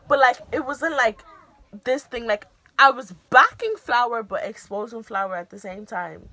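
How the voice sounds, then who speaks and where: A young woman tells a storytime vlog in a bright, fairly high voice. She is animated and slips into the voices of the people she quotes. The delivery is casual and chatty. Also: moderate pace. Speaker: vlogger.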